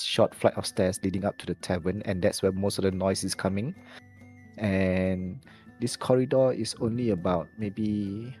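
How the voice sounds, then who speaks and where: Mellow low-voiced man running a game. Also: slightly rough. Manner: hesitant, many restarts and self-corrections. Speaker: game master. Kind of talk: narrating a tabletop game.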